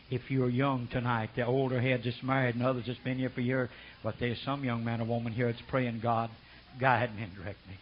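An older man preaching a sermon, rambling and folksy, swinging from low murmurs to high shouted bursts. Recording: dull lo-fi sermon recording.

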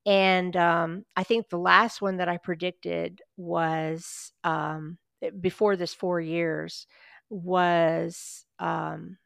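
A woman guest, a paranormal investigator, chatting in a relaxed interview and telling personal stories with easy laughs. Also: fairly low pitch, very slow, vocal fry, clean tone, no room sound, clean studio sound. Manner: chatty, anecdotal storyteller who laughs along. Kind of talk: casual storytelling interview.

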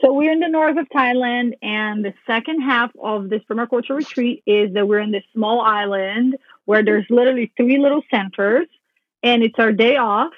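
A woman telling a personal story in a casual podcast chat, lively, swearing freely and acting out her own past thoughts. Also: a little high, normal speed, dry recording. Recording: phone-like narrow band, dry.

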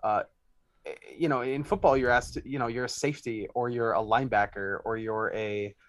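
A man's voice: medium pitch, normal speed, dry recording. A man hosting a casual sports podcast, reading out listener questions and joking with his co-hosts. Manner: animated, reads out listener questions, laughs often. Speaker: podcast host.

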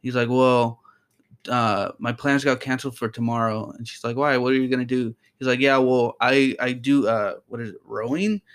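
A man's voice: medium pitch, fairly even intonation, normal speed, clear, resonant tone. A young man chatting casually with friends, telling rambling stories full of slang and swearing. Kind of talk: casual chat among friends.

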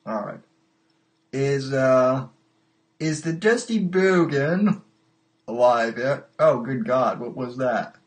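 A man hosting a casual livestreamed call-in podcast, talking in a halting way and repeating his words. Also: medium pitch, animated. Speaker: podcast host.

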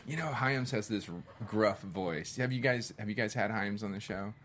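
A man's voice: fairly low pitch, normal speed, slight background noise. A man chatting as a podcast guest, telling stories animatedly and laughing often. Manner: animated storyteller, acts out quotes, laughs often. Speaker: guest, director. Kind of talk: casual podcast chat.

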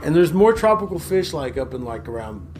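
A man in casual chat who rambles haltingly, packing his talk with fillers and swearing. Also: on the high side, very animated, faint music behind.

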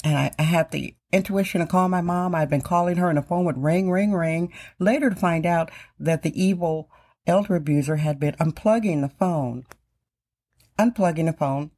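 A woman's voice: fairly low pitch, fairly quick, a little mellow. A middle-aged woman from Wisconsin hosting her own podcast, talking emphatically and repeating phrases for stress. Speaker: podcast host. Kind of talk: casual podcast monologue.

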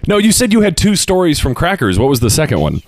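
A man's voice: on the high side, sing-song, fast, no room sound. A man hosting a casual podcast, playfully teasing and encouraging his guest. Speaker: podcast host.

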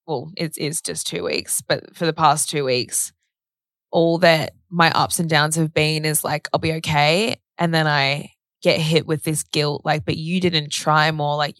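A woman's voice: deep voice, no echo, studio quality. Candid woman telling a story. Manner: candid, animated retelling with frequent "like" and swearing. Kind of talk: casual emotional conversation.

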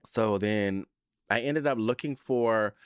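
A man hosting a podcast, telling a story in a campy, profane, animated way. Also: fairly low pitch, slow pace, clear, resonant tone, dry recording, studio quality. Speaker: podcast host. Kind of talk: casual chat.

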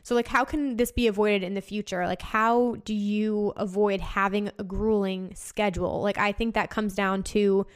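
A woman's voice: mid-range voice, steady tone, normal speed, few pauses, clean tone. A woman hosting a casual talk show, speaking passionately, swearing freely and filling her talk with "like". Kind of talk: casual monologue.

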